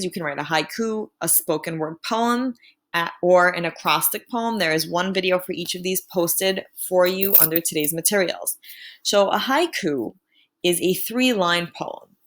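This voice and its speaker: A woman teacher giving a remote lesson to students, clear and patient, slowing down to sound out words. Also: mid-range voice, fairly bright tone.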